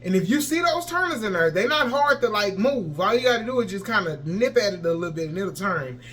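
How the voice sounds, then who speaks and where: A man's voice: sits high, big pitch swings, brisk, fairly bright tone, slight background noise. A young man, telling a story in a vlog and acting out sounds and his own panic. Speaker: vlogger.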